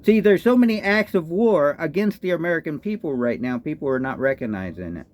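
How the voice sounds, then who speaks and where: High-pitched ranting Texan man. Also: expressive, fairly quick, a little mellow. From Texas. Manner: indignant, repetitive rhetorical questions. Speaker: political vlogger. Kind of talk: ranting commentary.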